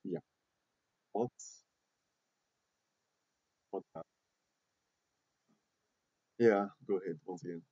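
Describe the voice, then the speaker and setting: A man's voice: deep voice, takes it slowly, pauses often, dark tone, husky, no echo. A man teaching an English grammar class in a classroom, patiently repeating himself and asking the students questions. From Côte d'Ivoire. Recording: muffled lo-fi classroom recording.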